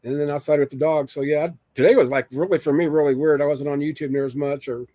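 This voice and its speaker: A man's voice: a little high, steady tone, quick pace, mellow, dry recording. Chatty man streaming alone, dry close mic. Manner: rambling, jokey, reads chat aloud. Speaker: live streamer. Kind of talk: casual live-stream chat with viewers.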